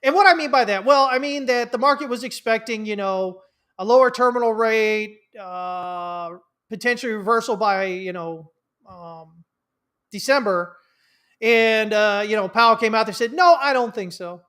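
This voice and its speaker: A man's voice: sits high, normal speed, sharp tone, clean tone. A man hosting a casual trading livestream, rambling with lots of fillers and restarts, a bit stuffy from allergies. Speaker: livestream host, trading mentor. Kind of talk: casual livestream market commentary.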